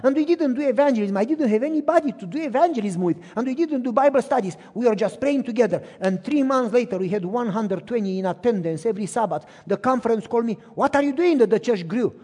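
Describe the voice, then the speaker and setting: Animated pastor preaching in a reverberant hall. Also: male voice, very high-pitched, fast, hardly any pauses. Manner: animated storytelling, acts out both sides of phone calls. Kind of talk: sermon with personal stories.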